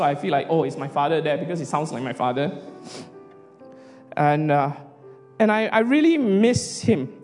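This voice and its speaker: A man preaching an emotional sermon as a pastor, earnest and halting, often restarting his sentences. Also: a little high, long reverb tail. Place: hall.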